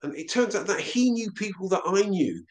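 A man telling a personal story as an interview guest, halting and often repeating himself. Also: sits high, lively intonation. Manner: halting, with frequent stammered repeats.

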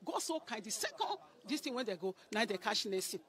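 A woman's voice: medium pitch, big pitch swings, fairly quick, fairly bright tone. A middle-aged woman with a Nigerian Pidgin English accent, giving an emotional spoken testimony and acting out what others said to her.

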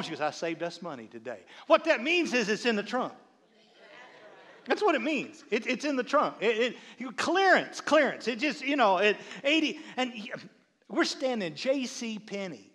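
A middle-aged man preaching a sermon, telling funny stories about his wife and acting out her lines, often repeating words as he builds up. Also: extremely high pitch. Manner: animated, repeats words, acts out his wife's voice. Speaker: pastor. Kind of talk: sermon with humorous storytelling. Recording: long reverb of a large hall.

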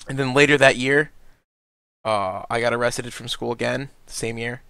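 A man's voice: mid-range voice, moderate pace, creaky, a bit bright, clear, resonant tone, no room sound. A young man hosting a casual podcast, telling a long rambling story, swearing a lot and laughing at himself. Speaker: podcast host. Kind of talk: casual chat.

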